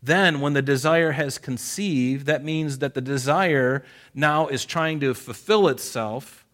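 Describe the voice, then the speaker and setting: A man's voice: fairly high pitch, measured pace, a bit bright. Folksy man preaching a Bible study. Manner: folksy, repeats phrases for emphasis, directs listeners to underline verses. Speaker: pastor. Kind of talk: conversational Bible-study sermon.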